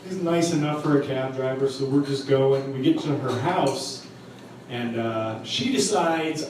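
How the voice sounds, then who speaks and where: A man's voice: mid-range voice, a little slow, darkish tone, a little hiss or hum. Crude stand-up man in echoey club. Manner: crude, profane, rambling anecdote with laughs. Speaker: stand-up comedian. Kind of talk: stand-up storytelling. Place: comedy club stage. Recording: very echoey live room from a distance, crowd ambience.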